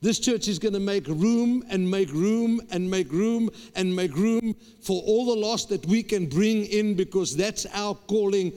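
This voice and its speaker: High-voiced preacher in a hall. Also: male voice, measured pace, few pauses, warm tone. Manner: emphatic, repetitive preaching with stammered restarts. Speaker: pastor. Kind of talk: sermon. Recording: long hall reverb.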